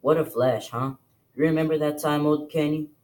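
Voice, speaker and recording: A man's voice: a little high, steady tone, normal speed, darkish tone, voice pushed up, close to an everyday voice, low-quality recording. A man voicing a brash, mocking woman. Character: brash mocking adult woman, crude and careless.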